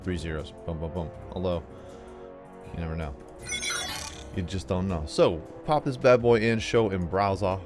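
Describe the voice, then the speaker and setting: Rambling low-voiced male gamer. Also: normal speed, pauses often, music in the background. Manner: chatty, rambling, self-mocking. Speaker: gaming video host. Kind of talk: casual let's play commentary.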